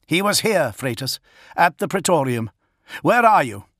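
A man's voice: very animated, unhurried, fairly bright tone, no room sound, studio quality, full character voice. A man doing a desperate psychic warrior's warning. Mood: urgent. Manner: urgent, strained, high warning. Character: desperate male psychic warrior on a comm link. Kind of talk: audiobook character voice.

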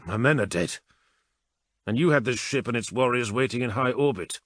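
A man voicing a proud, embittered male warrior captain in an audiobook, talking gruffly in clipped lines. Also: medium pitch, moderate pace, dry recording, clean studio sound, pitched above the performer's own voice, lightly acted. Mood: bitter, angry. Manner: gruff, clipped, flaring into shouts. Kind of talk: audiobook character reading.

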